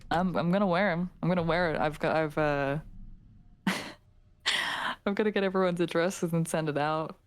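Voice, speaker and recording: A tired woman streamer chatting casually with viewers, laughing often and slipping into soft whispers. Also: fairly low pitch, fairly even intonation, normal speed, long pauses, smooth, no echo. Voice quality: tired, giggly. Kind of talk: casual chat reading viewer comments.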